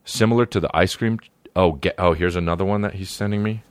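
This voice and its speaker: A man's voice: low-pitched, fairly even intonation, quick pace, clear, resonant tone, dry recording. A man riffing in a casual comedic monologue, rambling and profane, breaking into silly put-on voices. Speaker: comedian podcast host.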